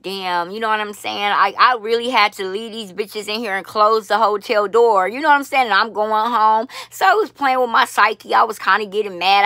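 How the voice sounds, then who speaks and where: A woman vlogger telling a long personal story to her viewers, blunt, profane and animated, with many asides to the audience. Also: mid-range voice, no room sound, studio quality. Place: lives in Las Vegas.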